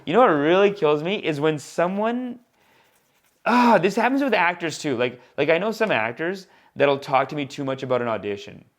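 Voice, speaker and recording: A man hosting his own podcast as a comedian, rambling in a casual, animated monologue aimed straight at his listeners. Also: a little high, moderate pace.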